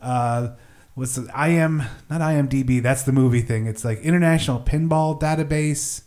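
A man's voice: medium pitch, normal speed, darkish tone. A man hosting a casual podcast, rambling and self-mocking, laughing often. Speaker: podcast host. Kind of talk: casual chat.

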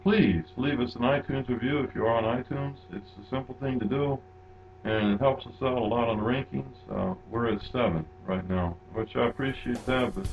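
A man co-hosting a podcast, chatting casually and laughing often in a relaxed, rambling way. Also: mid-range voice, moderate pace, creaky, muffled recording. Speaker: podcast co-host. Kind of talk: casual chat.

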